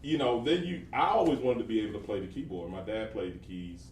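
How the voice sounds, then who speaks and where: A man's voice: lowish voice, darkish tone. An older man and father chatting casually with his grown sons, rambling and restarting his sentences. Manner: rambling, halting, many fillers and restarts. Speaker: father and teaching pastor. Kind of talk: casual family chat. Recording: roomy, distant mic with faint noise.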